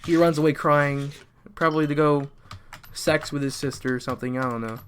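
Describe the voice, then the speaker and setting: Here the same kind of Southern teen YouTuber tells a jokey, wandering story while he plays, full of restarts and grumbles at the game. His voice is fairly high and a little fast, with fairly even intonation, over slight background noise.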